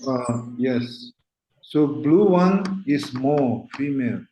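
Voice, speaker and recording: A man's voice: medium pitch, lively intonation, slow, mellow, a little hiss or hum. A man teaching a language class, modelling syllables aloud and checking in with his students. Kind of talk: slow patient classroom teaching. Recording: echoey room.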